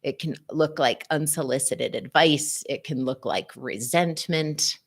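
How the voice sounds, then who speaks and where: Expressive woman hosting a live wellness talk. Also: low voice, unhurried. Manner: greets viewers and reads their comments aloud; expressive, swinging between soft and emphatic. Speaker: host, physical therapist and psychotherapist.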